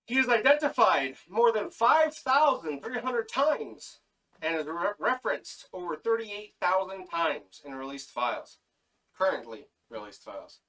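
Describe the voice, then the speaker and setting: Man, podcast co-host, halting reading, fillers, fairly high voice, sits back from the mic. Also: very animated, sharp tone, distant mic, poor audio. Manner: reads list haltingly with fillers and self-corrections. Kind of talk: casual podcast chat reading notes.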